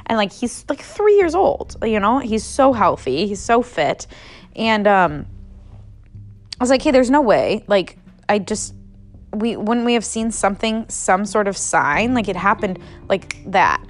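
A woman's voice: medium pitch, animated, a little slow. A young adult woman casually telling a story on a podcast, filling her talk with "like" and swearing freely. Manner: chatty, heavy use of "like", swears freely.

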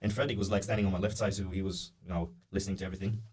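Speaking fast in a low, slightly rough voice, a young podcast guest spins a long story during a casual chat. He animatedly imitates the characters' voices and leans on many "uh" and "like" fillers.

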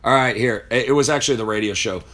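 Man, mid-pitched, ranting at his computer: blunt, angry, swears freely, wanders off mid-thought. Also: fast, fairly bright tone. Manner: rambling aside while searching online. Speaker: political commentator. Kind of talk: profane political rant.

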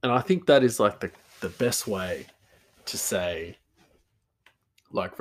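A man's voice: fairly low pitch, measured pace, pauses often. A man talking casually on his own, rambling and easygoing, with frequent laughter in his talk. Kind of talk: casual monologue.

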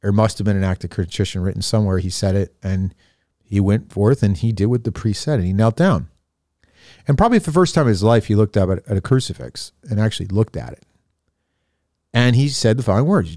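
A man with a fairly low voice tells a story in a relaxed, unscripted way. He often pauses, restarts and fills gaps with "um" and "you know." The recording is dry and close, with no room sound. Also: no room sound. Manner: storytelling with many fillers and restarts. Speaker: podcast host. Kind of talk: casual spiritual reflection.

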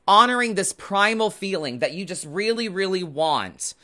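A man with a somewhat high, very bright voice talks viewers through a tarot reading. He rambles in a loose, chatty way and lets the odd curse slip. His tone is casual and conversational. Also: animated, normal speed. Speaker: host and tarot reader.

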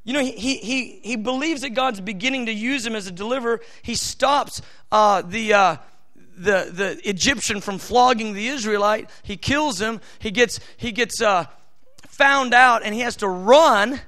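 A man's voice: high-pitched, normal speed, bright, forceful tone. A man preaching a live sermon, speaking emphatically and talking directly to his listeners. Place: church service with family present.

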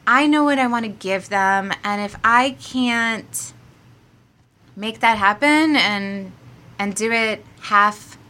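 A woman's voice: a little high, slow pace, pushed and bright. A woman who runs an aerial yoga studio, chatting upbeat as a podcast guest and laughing often. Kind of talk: casual podcast interview.

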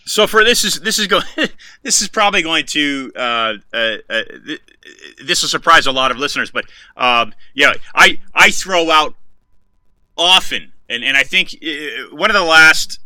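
A man interviewing a guest, halting, with many fillers and restarts. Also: a little high, lively intonation, sharp tone, no room sound, rough recording. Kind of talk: casual interview.

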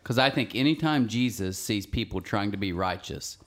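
A man's voice: expressive, normal speed. A man co-hosting a casual faith talk show, earnest and emphatic. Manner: earnest, emphatic, jumps into big pitch swings. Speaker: podcast co-host. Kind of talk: casual chat.

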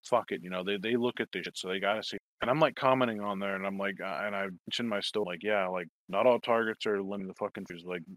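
A man's voice: lowish voice, fast talker, hardly any pauses, a bit bright, no room sound. Man ranting a rambling story. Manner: profane, rambling storytelling with quoted asides. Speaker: toy collector telling a story. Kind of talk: casual chat.

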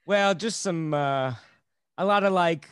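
A man, a comic, telling a relaxed story and quoting other people in a casual chat. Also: fairly high pitch, takes it slowly, clean tone, no room sound, clean studio sound. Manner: laid-back storyteller, quotes others. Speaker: stand-up comedian.

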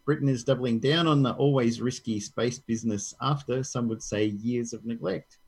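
A man's voice: mid-range voice, moderate pace, breathy edge, rough recording. A man co-hosting a casual tech news podcast, reading articles aloud and joking with his co-host.

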